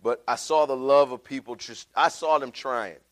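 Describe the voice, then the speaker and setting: A man's voice: mid-range voice, normal speed. A middle-aged pastor preaching a sermon, telling his own story in a casual, heartfelt way. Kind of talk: sermon with personal testimony.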